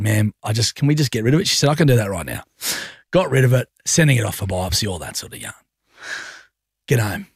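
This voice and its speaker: A man's voice: medium pitch, creaky, husky, dry recording. A man co-hosting a radio show, telling stories in casual, jokey banter from a studio microphone. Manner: animated, jokey, acts out voices in his stories. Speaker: radio co-host.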